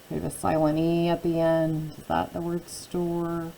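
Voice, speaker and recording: Woman, teacher, phonics lesson, mellow dark voice, faint room hiss, patient and repetitive. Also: sits low, completely flat delivery, vocal fry, rough recording. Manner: slow, patient, repeating words and asking questions.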